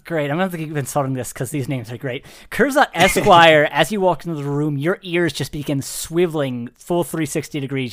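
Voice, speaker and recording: Man game master, energetic narration, rapid rules talk, dry close sound. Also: on the high side, no room sound. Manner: energetic, laughing, rapid explanations.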